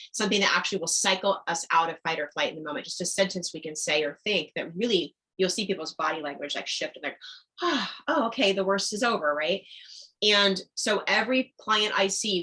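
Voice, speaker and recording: A middle-aged woman coach talking in a podcast interview, enthusiastic and animated, often acting out what people said. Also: lowish voice, rough recording. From Midwestern United States. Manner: animated, enthusiastic, acts out quotes. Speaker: communication coach, guest.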